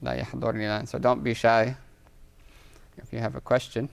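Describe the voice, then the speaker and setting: A man teaching a grammar lesson, talking at a medium pitch in a smooth, clear voice. He explains patiently, reads out Arabic phrases and keeps checking in with "right?". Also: flat delivery, racing. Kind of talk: live online class lecture with Q&A.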